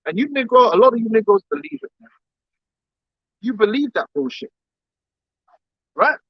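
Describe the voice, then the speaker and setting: A man's voice: very high-pitched, animated, normal speed, vocal fry, pauses often, no echo. A man giving an impassioned lecture to a group. He talks emphatically, repeats words and keeps firing off rhetorical questions. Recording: dull, dry recording.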